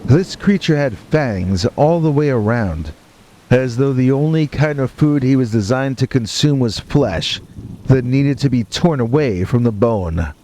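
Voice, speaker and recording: A man with a mellow, dark-toned voice at an average pitch tells a first-person horror story. His delivery is deadpan and matter-of-fact, broken by wry asides. Rain and thunder roll behind him. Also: unhurried, a little hiss or hum.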